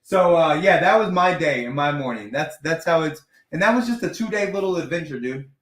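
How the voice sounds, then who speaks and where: A man hosts a loose, foul-mouthed chat, rambling from one story to the next. His voice sits a bit high, and he sounds set back from the mic in an echoey room. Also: animated, a little fast, a bit bright, far from the mic. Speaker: podcast host. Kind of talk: casual chat. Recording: roomy, from off the mic.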